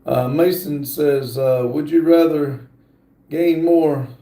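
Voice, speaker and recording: A middle-aged man hosting a casual livestream, reading viewer comments aloud in a halting, apologetic way. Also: on the high side, fairly even intonation, mellow. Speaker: livestream host. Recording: roomy echo.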